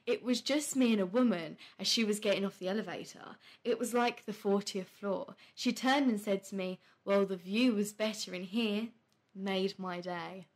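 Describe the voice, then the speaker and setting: A young woman hosting a podcast, talking casually and bluntly, swearing freely and laughing often. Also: medium pitch. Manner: quick, heated rants with animated quoted voices. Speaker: podcast host. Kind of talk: casual chat on a live stream.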